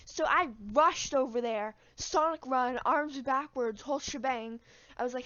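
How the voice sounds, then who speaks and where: A woman's voice: high-pitched, a little slow, a bit bright, no room sound, lo-fi sound. A woman telling a story in a rambling, casual way, with crude jokes. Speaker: vlogger. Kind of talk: storytime vlog.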